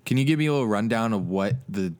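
Low, smooth-voiced young man telling stories. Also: expressive, fast talker, darkish tone. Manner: laughing storyteller, wry. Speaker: podcast co-host. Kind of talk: casual chat.

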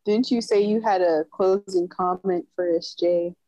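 A woman's voice: fairly low pitch, fairly even intonation, a little slow, mellow, dry recording, highs cut off. A woman co-hosting a podcast, teasing a friend in exasperated casual chat. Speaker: podcast co-host.

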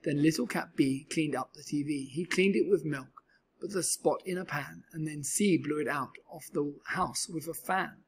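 A man's voice: fairly high pitch, normal speed, slightly rough. A man reading a rhyming children's storybook aloud with a rhythmic, sing-song delivery. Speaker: storybook reader.

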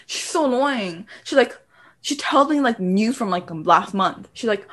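A woman's voice: fairly high pitch, animated, slow pace, pauses often. A teenage girl co-hosting a podcast, complaining about her sister with frequent laughter in casual chat. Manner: giggly, exasperated complaining. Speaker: podcast co-host.

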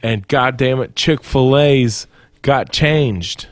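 Animated, swearing man in casual chat. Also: medium pitch, slow, no echo, clean studio sound. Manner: animated, swears, mock-panicked. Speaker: podcast co-host.

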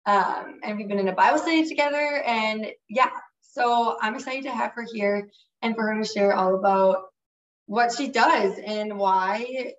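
A woman's voice: on the high side, unhurried, echoey room, recorded from a distance, dull audio. A woman hosting a faith-centered podcast, upbeat and chatty, who is losing her voice. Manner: upbeat, chatty, many fillers. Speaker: podcast host. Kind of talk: casual podcast interview.

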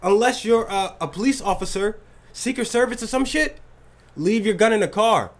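High, lively man teasing on a podcast. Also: normal speed. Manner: teasing, boastful, interrupting. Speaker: podcast co-host. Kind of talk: heated comedic debate. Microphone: studio microphone.

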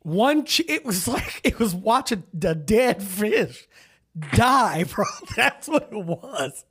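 High and slow with a breathy edge, this man's voice carries a casual podcast he co-hosts. He's an animated storyteller, quick to laugh and to act out what people said.

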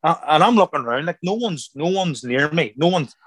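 Guy telling a story on an interview, lively, does the voices of people he quotes, dry close sound. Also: a little high, fairly quick, slightly rough, no echo. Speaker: guest, former boxer turned actor.

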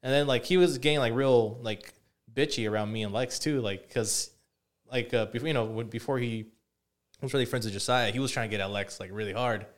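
A young man talks fast in a loose, rambling way, swearing constantly as he tells stories. His pitch sits in an ordinary middle range for a man. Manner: profane, rambling storytelling. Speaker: podcast co-host. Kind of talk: casual chat.

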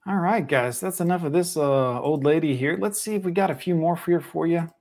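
Male live-streamer, blunt and crude, a bit high-voiced, casual reaction commentary. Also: brisk, darkish tone. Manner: blunt, profane, reacting to a clip.

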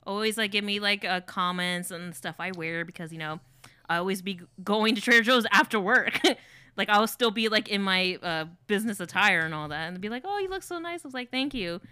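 A woman talks casually as a podcast guest, her voice bright and crisp. She laughs often and scatters "like" through her sentences. The sound is dry and close, with no room around it. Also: medium pitch, fairly quick, dry recording. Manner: chatty, laughs often, many "like" fillers. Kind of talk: casual chat.

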